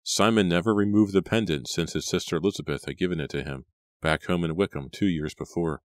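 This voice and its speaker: A man reading a horror audiobook in a measured, steady narration. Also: sits low, no echo, studio quality. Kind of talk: scripted narration.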